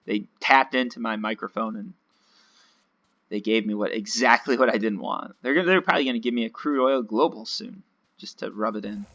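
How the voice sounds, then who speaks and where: Gravelly-voiced man chatting over gameplay. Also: on the low side, brisk, fairly bright tone, muffled recording. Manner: chatty, rambling, self-mocking. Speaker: gaming video host. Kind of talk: casual gameplay commentary.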